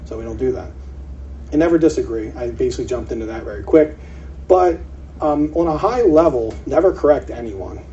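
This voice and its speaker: Brief: male presenter, quick and animated, dark tone, heard from a distance on a dull lo-fi recording. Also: medium pitch. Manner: animated, acts out quoted sellers. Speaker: meetup presenter. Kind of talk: casual seminar talk. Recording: distant mic, dull lo-fi sound, faint hiss.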